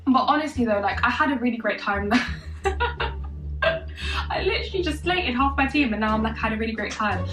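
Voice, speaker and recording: A twenty-something vlogger's voice is a little high, expressive, fast and a bit bright as she tells a casual story while getting ready. She comes across chatty and sassy, with self-mocking asides. Echoey room, distant mic, faint music behind.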